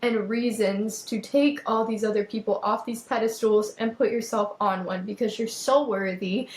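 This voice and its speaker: A woman's voice: medium pitch, fairly even intonation, normal speed, roomy sound, low-quality recording. A young adult woman hosting a podcast, talking emphatically about self-worth, repeating phrases and speaking straight to her listeners. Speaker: podcast host. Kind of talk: personal monologue on self-worth.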